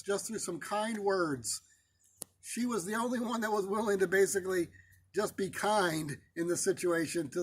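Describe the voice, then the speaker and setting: A male pastor telling a personal story in a sermon, conversational and halting, with many fillers and restarts. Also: sits high, fairly bright tone.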